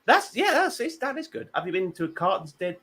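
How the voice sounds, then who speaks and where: A man's voice: high-pitched, big pitch swings, a little fast, background noise. A man hosting a comedy panel show, telling rambling self-deprecating stories full of stammered restarts.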